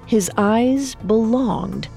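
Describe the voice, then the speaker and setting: A woman reading a storybook aloud as narrator in a measured, dramatic way. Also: fairly high pitch, creaky, mellow, faint music behind.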